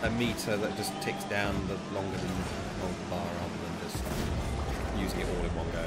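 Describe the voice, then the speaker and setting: A man's voice: deep voice, normal speed. A man teasing and cheering with friends over a gaming session. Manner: teasing, excitable, shouts of protest. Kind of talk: casual joking chat while gaming. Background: game music.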